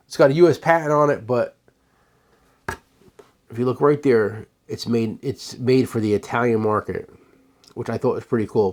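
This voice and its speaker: A man's voice: mid-range voice, a little mellow. A man who owns a tool shop, giving a casual, rambling sales demo of his products and often restarting his sentences. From United States.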